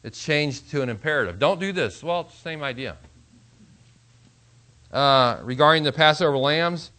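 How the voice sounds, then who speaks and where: A pastor teaching a Bible class in a conversational lecture style, repeating himself, restarting phrases and chuckling now and then. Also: male voice, a little high, lively intonation, moderate pace, pushed and bright.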